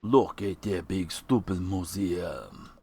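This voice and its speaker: A man's voice: low voice, slow, creaky, darkish tone, breathy edge, soft background music, pitched below the performer's own voice, heavily acted. A man voicing a grumpy, scornful male crab who grumbles with a sneer.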